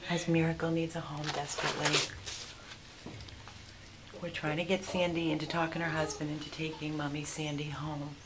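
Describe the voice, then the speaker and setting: A woman's voice: sits low, level tone, normal speed. A woman dog rescuer at a vet clinic, switching between baby talk and soothing whispers to a frightened dog and plain narration. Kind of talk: casual vlog narration and talk to dogs. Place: veterinary clinic indoors. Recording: clear background noise.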